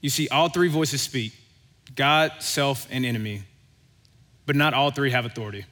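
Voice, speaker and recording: A male pastor preaching a sermon, with relaxed, conversational delivery and animated storytelling. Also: medium pitch, moderate pace. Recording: long hall reverb.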